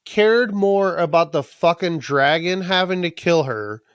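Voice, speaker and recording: A man's voice: high-pitched, a little slow, smooth, dry recording, clean studio sound. A man co-hosting a TV recap podcast in casual, jokey chat, swearing a lot. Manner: crude, swears constantly, jokey. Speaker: podcast co-host.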